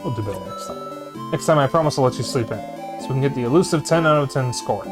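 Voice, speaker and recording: A man voicing a cheerful, gentle young woman friend in a video game, eager and then shy and apologetic, with game music behind. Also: mid-range voice, lively intonation, quick pace, natural voice.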